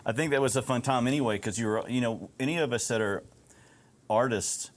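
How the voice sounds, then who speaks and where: A man talking as a musician guest in an interview, relaxed and chuckling easily. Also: medium pitch, a little fast. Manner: easygoing, chuckling replies. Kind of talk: casual conversation.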